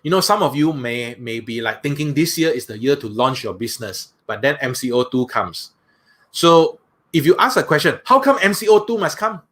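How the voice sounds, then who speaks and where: A man's voice: mid-range voice, expressive, moderate pace, fairly bright tone. A man with a Malaysian English accent giving a conversational seminar talk as a motivational speaker, often asking the audience questions.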